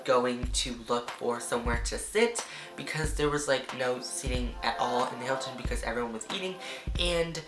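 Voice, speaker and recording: A young man telling a rambling, excitable storytime vlog, full of "like" and acted-out reactions. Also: medium pitch. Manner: chatty, rambling, fillers of "like" throughout; excitable, acts out reactions in quoted voices. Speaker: vlogger. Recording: roomy echo with background music.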